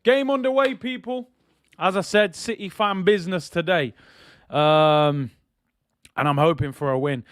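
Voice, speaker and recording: A man's voice: high-pitched, unhurried, a bit bright, clear, resonant tone, no room sound. A man hosting a live football watch-along, chatting casually in slang and reading out viewer messages.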